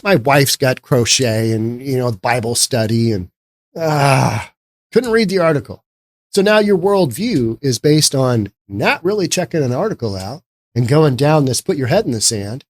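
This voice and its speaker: A man's voice: medium pitch, lively intonation, moderate pace. A man giving casual political commentary in a sarcastic, rambling way.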